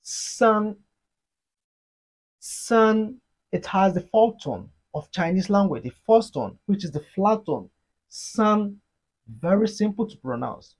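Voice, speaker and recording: A Mandarin teacher giving an online lesson, explaining slowly and deliberately and leading repeat-after-me drills. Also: medium pitch, darkish tone, husky. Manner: slow, deliberate explaining, modeling sounds for learners.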